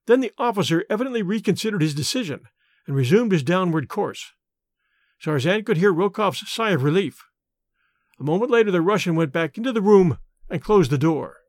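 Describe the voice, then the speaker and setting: A man narrating an adventure novel in a steady, measured way. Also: high-pitched, no echo, studio quality. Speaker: audiobook reader. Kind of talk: scripted narration.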